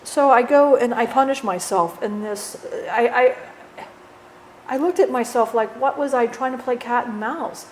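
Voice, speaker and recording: A blunt, rough-spoken spirit of a dead man, channeled by a woman, rambling through a channeling session. He swears freely and keeps tossing in "you know". The voice sits a little on the high side. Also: normal speed, slight background noise, close to an everyday voice.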